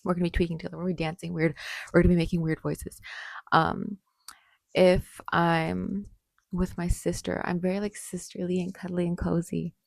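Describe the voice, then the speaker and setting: A woman in her late twenties chats straight to camera with a rambling, bubbly flow full of fillers and restarts. Her voice sits low, and the recording is dry and close. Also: little pitch movement, brisk, vocal fry, a little mellow, no room sound. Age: late 20s. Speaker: vlogger. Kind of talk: casual talk to camera.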